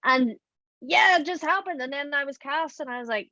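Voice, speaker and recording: An Irish woman, a voice actor, telling stories in an animated, rambling way in casual podcast chat. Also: high voice, moderate pace, dry recording, dull audio. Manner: chatty and animated, rambling storytelling. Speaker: audio drama voice actor.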